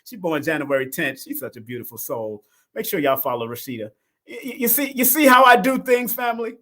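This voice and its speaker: This middle-aged host of a live numerology talk show talks fairly quickly in a slightly high voice. Casual and animated, he laughs a lot, his volume jumping from loud outbursts to soft side remarks.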